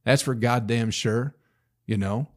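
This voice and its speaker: A man in his thirties holds forth on his own podcast in a loose, rambling rant. He swears freely, sounds exasperated, and keeps firing rhetorical questions. His voice sits at an ordinary middle pitch for a man. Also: unhurried. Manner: profane, exasperated, rambling storytelling; rhetorical questions, bursts of emphasis. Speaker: podcast host. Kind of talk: casual solo podcast rant.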